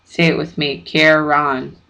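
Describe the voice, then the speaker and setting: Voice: medium pitch, little pitch movement, measured pace, sharp tone, rough recording. A reader voicing a sly foreign-accented ferryman of the dead. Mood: silky mocking. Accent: odd British-tinged foreign accent. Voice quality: smooth, sweet and cold. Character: cold greedy ferryman of the dead, adult man.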